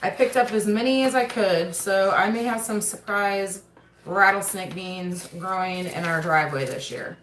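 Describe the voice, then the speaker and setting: A mother with a homestead channel hosts a relaxed livestream mail call at her table, chatting and often pausing to address her kids. She speaks at a medium pitch and moderate pace with a fairly bright tone. A little hiss or hum comes through the table-mounted camera, along with a roomy home echo.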